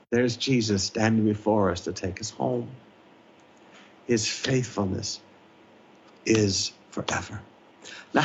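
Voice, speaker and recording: A man preaching a sermon as pastor, repeating key phrases with emphasis and swinging his pitch up and down. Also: lo-fi sound, a little hiss or hum.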